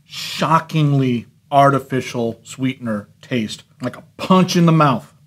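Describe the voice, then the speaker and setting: A man hosting a casual cereal review vlog, talking in an animated way, laughing often and playing up his disgust. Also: medium pitch, a little slow.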